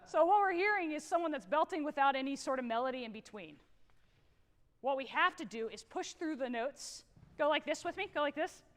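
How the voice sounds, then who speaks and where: High-voiced Texan woman conducting a band. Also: a little fast. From Texas. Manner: energetic, encouraging, sings out phrases. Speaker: guest conductor. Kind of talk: rehearsal clinic with student band. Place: large theatre stage. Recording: long hall reverb in a theatre.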